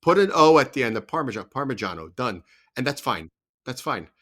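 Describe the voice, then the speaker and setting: A man's voice: medium pitch, sing-song, a little fast, fairly bright tone. A man hosting a podcast in a casual interview chat, talking emphatically and pressing his point with repeated questions. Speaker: podcast host.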